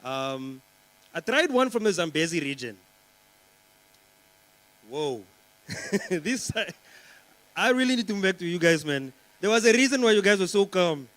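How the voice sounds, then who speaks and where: A man's voice: sits high, sing-song, measured pace, long pauses, a bit bright, poor audio. Young man doing stand-up. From Namibia. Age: young adult. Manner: chatty, rambling, teasing the crowd with lots of fillers. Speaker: stand-up comedian. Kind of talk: stand-up comedy set. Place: conference stage before a live audience.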